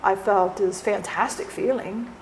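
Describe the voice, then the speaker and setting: A woman's voice: mid-range voice, fairly even intonation, unhurried, a little hiss or hum, close to an everyday voice. A woman channeling the spirit of a dead man, who rambles bluntly, swears and keeps saying "you know". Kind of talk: channeling session.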